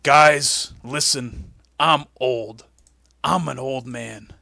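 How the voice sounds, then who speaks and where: A man's voice: mid-range voice, drawn-out words, creaky, bright, forceful tone, no echo, clean studio sound, pitched below the performer's own voice, exaggerated voice. A man voicing a pompous older male wrestling boss who barks orders at his team.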